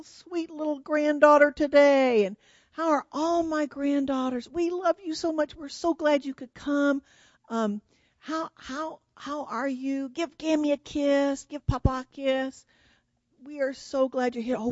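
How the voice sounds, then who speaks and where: A woman's voice: sits high, unhurried, no room sound, dull audio, voice pushed up. A woman voicing a doting elderly grandmother who fusses over her arriving granddaughters. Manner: gushing, affectionate, fussing.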